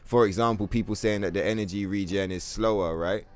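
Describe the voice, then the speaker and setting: A man's voice: fairly low pitch, steady tone, brisk. Profane, ranting male game streamer. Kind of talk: casual live-stream chat.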